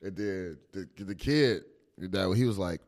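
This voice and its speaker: A man's voice: low voice, unhurried, darkish tone. A young man, a teacher, chatting casually on a podcast, telling loose stories, acting out quotes and laughing often. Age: young adult. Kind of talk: casual chat.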